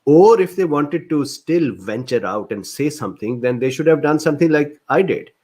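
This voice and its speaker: A man's voice: a little high, animated, moderate pace, darkish tone. A man, a physician educator, answering viewer questions in a livestreamed lecture Q&A, sounding exasperated and indignant as he vents. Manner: reads viewer questions aloud and answers them.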